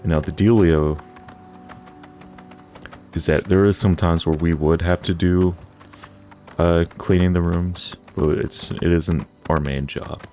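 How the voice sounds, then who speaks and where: A man's voice: deep voice, steady tone, slow pace, pauses often, mellow, faint music behind. A young man chatting casually over gameplay, rambling with lots of filler words. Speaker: gaming channel host.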